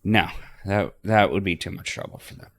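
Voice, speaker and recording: A man reading Amber, a low-key young woman. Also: steady tone, normal speed, a bit bright. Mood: calm. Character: confident young woman, main character narrating. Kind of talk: visual novel voice reading.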